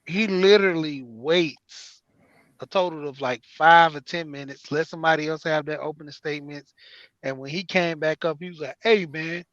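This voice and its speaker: High-voiced man telling stories, lo-fi dry sound. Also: normal speed, no room sound. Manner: animated, laughs often, acts out quoted voices. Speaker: panelist on an online talk panel. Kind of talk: casual storytelling chat.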